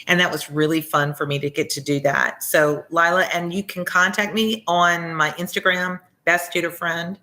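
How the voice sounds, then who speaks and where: A woman's voice: lowish voice, fairly even intonation, moderate pace, hardly any pauses, sharp tone. A woman with a Southern accent, a former teacher hosting a reading channel, chatting casually and sincerely with viewers and answering their comments. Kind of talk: casual livestream chat with viewers.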